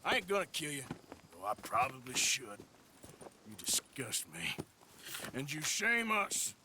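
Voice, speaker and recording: An actor playing a gruff, weary outlaw in a video game, speaking with a gravelly drawl. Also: male voice, medium pitch, huge pitch swings, a little slow, background noise. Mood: contemptuous. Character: gruff weary male outlaw, blunt and hard.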